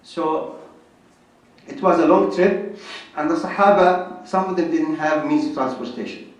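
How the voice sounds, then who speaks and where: A man's voice: on the high side, measured pace. A man giving an informal religious lecture, chatty and joking, with personal stories. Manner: conversational, joking, tells personal anecdotes. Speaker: Islamic lecturer. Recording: very echoey hall, mic at a distance.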